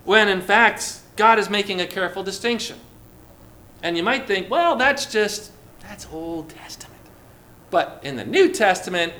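Pastor, male, high bright voice, animated sermon delivery, quizzes the congregation. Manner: lively preaching, calls on listeners by name.

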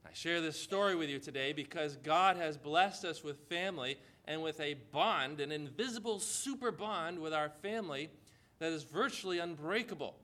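A man preaching a sermon, retelling a scripture story with slow, emphatic pauses and rhetorical questions. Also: a little high, bright, forceful tone.

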